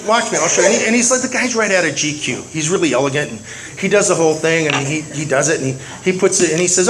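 A man tells a comic story about his drinking, animated and stumbling over repeats as he goes. His voice sits a little high for a man. There is a clear hiss and some clicks behind him. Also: quick pace. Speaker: recovering alcoholic sharing his story. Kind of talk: humorous recovery talk.

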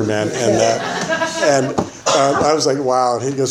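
A man's voice: mid-range voice, expressive, normal speed, reverberant, a crowd in the background, poor audio. A man sharing his recovery testimony in a rambling, casual way, full of "man" and "you know". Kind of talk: personal testimony.

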